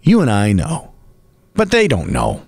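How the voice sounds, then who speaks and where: A middle-aged man hosting a podcast, talking in a chatty, rambling, animated way. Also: mid-range voice, unhurried, creaky, slightly rough, no room sound. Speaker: podcast host and voice actor. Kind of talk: casual podcast monologue.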